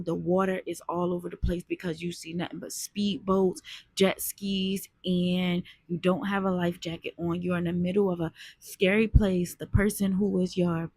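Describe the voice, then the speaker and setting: A woman's voice: lowish voice, a little mellow, no echo, clean studio sound. A woman telling a personal story in an earnest, conversational way, talking straight to her viewers. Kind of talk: casual storytime monologue.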